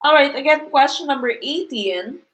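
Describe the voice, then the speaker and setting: Filipino-accented woman as exam-review teacher; a bit high, walks through each answer aloud, polite. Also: animated, moderate pace, fairly bright tone. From Philippines. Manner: reads quiz items and answer choices aloud, explaining step by step; mixes English with Tagalog, adds polite "po". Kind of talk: live-stream exam review lesson.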